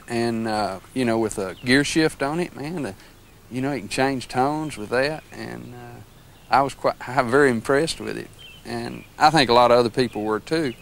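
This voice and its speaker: Man, gravelly voice, musician reminiscing, documentary interview, faint ambience. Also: medium pitch, normal speed, a bit bright, slight background noise. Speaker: musician recalling a bandmate.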